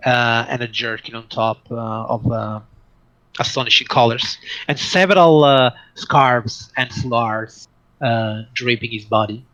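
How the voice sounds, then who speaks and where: A man narrating a tabletop game as game master, pausing often with fillers. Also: medium pitch, fairly bright tone, muffled recording. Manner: halting, many fillers.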